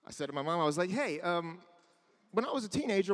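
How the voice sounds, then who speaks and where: A man's voice: high voice, lively intonation, fast talker, a bit bright, long reverb tail. A man in his thirties doing a self-deprecating stand-up set on a club stage. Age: 30s. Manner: self-deprecating, acts out his parents' voices. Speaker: stand-up comedian. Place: comedy club stage with a live audience.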